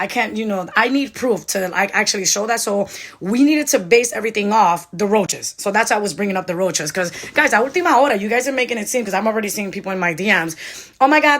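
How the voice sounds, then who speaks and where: A young woman vlogger telling a story in a casual, animated way, acting out the others' lines as she goes. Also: medium pitch. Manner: animated, mimics others' voices in quotes.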